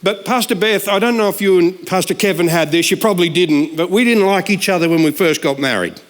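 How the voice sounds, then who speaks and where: Guest preacher, sixties, high voice, animated joking delivery that jumps into shouted punchlines. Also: male voice, a little fast. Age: 60s. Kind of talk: humorous sermon storytelling.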